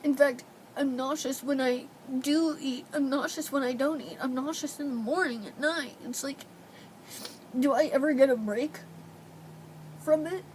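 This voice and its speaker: Tearful high-voiced young woman, sniffling. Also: measured pace, darkish tone, slight background noise, rough recording. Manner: tearful, pleading. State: crying, sniffling. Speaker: vlogger. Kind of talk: emotional personal vlog. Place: indoors at home.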